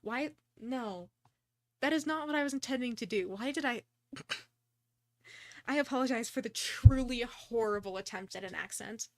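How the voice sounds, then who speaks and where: Young female streamer, high and chatty, dry close mic, self-deprecating game commentary. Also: normal speed, darkish tone, dry recording. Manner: chatty, self-deprecating, talks through her choices. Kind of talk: casual gameplay commentary, reading game dialogue aloud.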